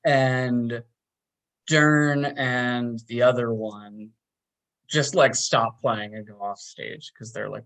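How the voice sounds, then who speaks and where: A man's voice: steady tone, slow, fairly bright tone. A man from Long Island casually recapping a film on a podcast, acting out the characters' lines. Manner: laid-back, chatty, acts out characters' lines with big jumps in pitch. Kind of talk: casual chat.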